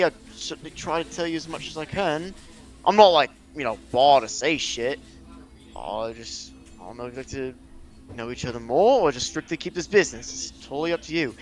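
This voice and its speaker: A man playing a tabletop game, talking in character with lots of fillers and restarts. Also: on the high side. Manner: animated, laughing, rambling with fillers. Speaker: player.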